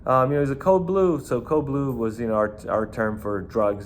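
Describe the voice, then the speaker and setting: A man's voice: mid-range voice, fairly even intonation, moderate pace, a little hiss or hum. A man with a New York accent, a former bouncer, telling a rambling, profane story in casual talk.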